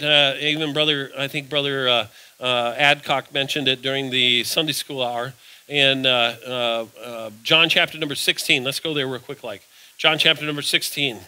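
A man's voice: medium pitch, pushed and bright, poor audio. A man preaching an evening sermon in a church, folksy, posing rhetorical questions and answering them himself. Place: church sanctuary.

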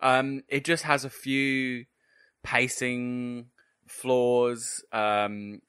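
A man co-hosting a podcast, talking through pacing and plotting flaws with a steady, analytical manner. His voice is bright and forceful. The sound is dry and close. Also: mid-range voice, very slow, clean tone, no room sound. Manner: analytical, critiques plotting at length. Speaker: podcast co-host. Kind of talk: casual discussion.

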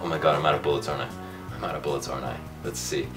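A man commentating his own gameplay for a comic video, loud and excitable, ranting and yelling at the game, his voice going hoarse. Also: very deep voice, racing, distant mic, over music. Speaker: gaming video host.

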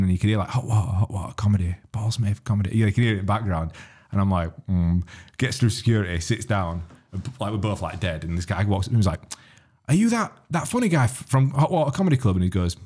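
A man's voice: fairly low pitch, steady tone, racing, a little mellow, husky. A man hosting a podcast, telling laughing, swearing anecdotes. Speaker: podcast host. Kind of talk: casual podcast chat.

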